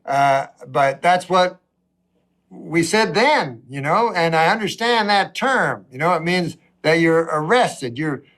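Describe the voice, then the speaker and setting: A man doing a rambling, wry stand-up routine, swinging between low mutters and a raised voice. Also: lively intonation, slow pace, a bit bright. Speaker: stand-up comedian.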